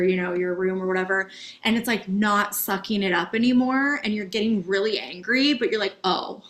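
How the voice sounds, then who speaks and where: Chatty, bright-voiced woman coach. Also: mid-range voice. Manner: chatty and candid, swears freely, asks "okay?" often. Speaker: dating and self-help coach. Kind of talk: casual coaching masterclass.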